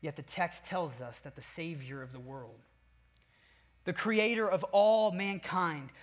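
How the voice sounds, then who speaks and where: A man preaching an expository sermon, emphatic and deliberate, stacking repeated phrases for stress. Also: high-pitched.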